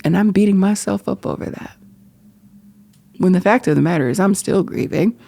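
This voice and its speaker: A woman's voice: mid-range voice, normal speed, gravelly, mellow. A middle-aged woman hosting a podcast, talking through personal feelings in an earnest, emotional way that often drops to a whisper. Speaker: podcast host. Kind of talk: personal reflective monologue.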